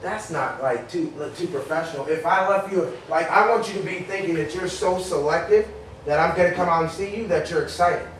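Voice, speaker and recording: Energetic male trainer in an echoey room. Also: high-pitched, a little fast. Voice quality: energetic, repeats words when starting sentences. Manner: acts out phone calls in a raised voice. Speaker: sales workshop trainer. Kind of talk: live training talk to a group. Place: workshop room. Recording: echoey room from far off, faint noise.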